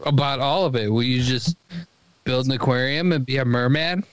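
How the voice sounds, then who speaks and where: A man's voice: mid-range voice, normal speed, no room sound. A man co-hosting a podcast in casual chat, joking and riffing crudely. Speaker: podcast co-host.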